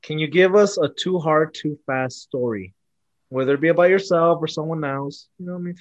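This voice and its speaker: A woman's voice: low-pitched, brisk, no room sound, highs cut off. A woman co-hosting a podcast in casual chat, blunt and swearing, laughing along with the guest. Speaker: podcast co-host.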